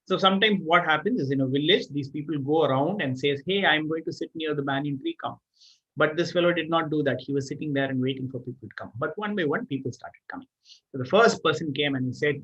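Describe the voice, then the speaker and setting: A man with an Indian English accent telling a moral story to children on a live stream, chatty and lively with frequent restarts. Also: on the high side, a little fast, highs cut off. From Tamil Nadu, India.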